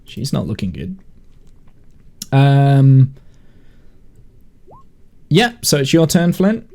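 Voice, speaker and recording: A man narrating as game master in a relaxed, hesitant way with many fillers. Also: mid-range voice, very slow.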